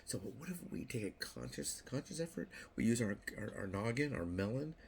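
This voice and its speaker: A man's voice: medium pitch, lively intonation, moderate pace, vocal fry, a little hiss or hum. An older man talking casually to camera as a vlogger, rambling and repeating himself, playfully acting out little quoted voices. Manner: rambling, repeats words and restarts often. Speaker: YouTube vlogger.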